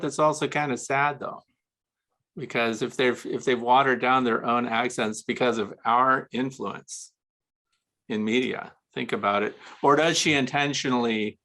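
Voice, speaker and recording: A man's voice: medium pitch, pushed and bright. A man hosting a casual interview, chatty and curious, asking follow-up questions. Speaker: interviewer host.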